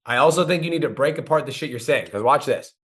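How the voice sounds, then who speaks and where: Man, brash, swears a lot, very fast talker, mid pitch, coaching critique. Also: animated, a bit bright. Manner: brash, profane, rapid-fire. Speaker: host coaching a guest. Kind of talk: blunt profane coaching critique.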